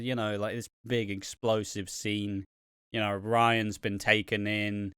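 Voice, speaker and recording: Male podcast host, loose rambling delivery full of fillers and swearing, smooth clean voice, dry close mic. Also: lowish voice, level tone, unhurried, a bit bright, no room sound. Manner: rambling, many "um"s and "like"s, casual swearing. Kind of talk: casual soap review chat.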